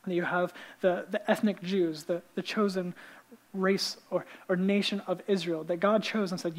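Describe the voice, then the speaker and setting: A man preaching a sermon in a casual, animated way, with many fillers and restarts. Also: sits high, moderate pace, low-quality recording. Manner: animated storytelling, acting out the characters' lines. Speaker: pastor.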